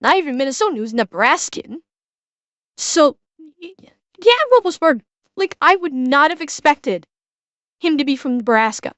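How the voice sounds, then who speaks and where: A woman streamer chatting casually as she reacts, excitable and swearing freely, often restarting her sentences. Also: high-pitched, normal speed, pauses often, no room sound.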